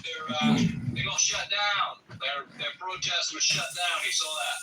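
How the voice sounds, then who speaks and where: A man's voice: high voice, unhurried, over music. A man hosting a casual group chat, brash and profane, teasing the others. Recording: roomy distant livestream audio, faint noise.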